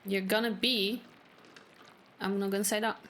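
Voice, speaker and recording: A woman's voice: medium pitch, level tone, normal speed, a bit bright, a little hiss or hum. A woman gaming streamer chatting casually and joking while she plays. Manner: chatty, joking, laughs often. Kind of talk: casual let's-play commentary.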